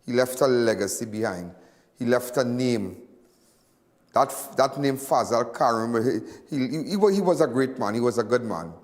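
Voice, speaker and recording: A man with a Trinidadian accent hosts a live crime news show, giving emotional commentary in a rambling, repetitive way in local dialect. His medium-pitched voice is animated at a moderate pace and sounds like it fills a large hall.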